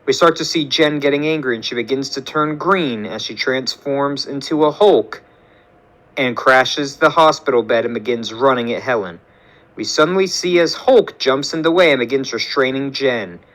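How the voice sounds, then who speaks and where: A man's voice: mid-range voice, moderate pace, fairly bright tone. A man narrating a story script, reading scene directions in a plain storytelling way.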